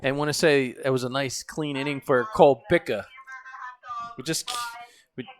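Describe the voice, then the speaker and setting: A man's voice: mid-range voice, normal speed. A man adding casual color commentary to a baseball broadcast with dry, wry asides.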